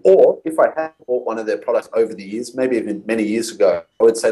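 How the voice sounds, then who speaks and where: A fast-talking man with a fairly low, mellow voice barely pauses as he tells stories in an interview. The guest copywriter acts out his own past dialogue on a rough recording.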